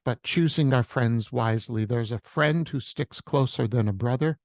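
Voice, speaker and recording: A man's voice: medium pitch, normal speed, a little mellow, no room sound. A man who is a worship leader, sharing a reflective devotional message with storytelling on a video call.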